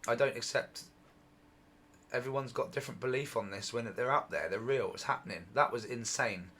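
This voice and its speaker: A middle-aged man hosting a UFO channel, giving excited, repetitive commentary over video footage, his voice going hoarse. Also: medium pitch, fairly quick. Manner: excitable, repetitive, exclaims often.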